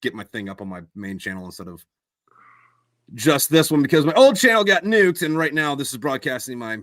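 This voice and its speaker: A man with a bright, forceful voice chats loosely as a live-stream host about the books he wrote. He rambles and is quick to put himself down, with plenty of fillers. The sound is close and dry, with no room around it. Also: medium pitch, animated, no room sound. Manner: rambling and self-deprecating, full of fillers. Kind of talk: casual chat on a live stream.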